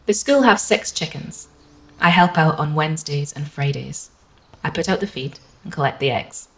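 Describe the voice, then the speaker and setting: A woman's voice: sits low, expressive, moderate pace, gravelly. A woman reading a first-person storybook in a plain, matter-of-fact child narrator voice. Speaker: audiobook reader.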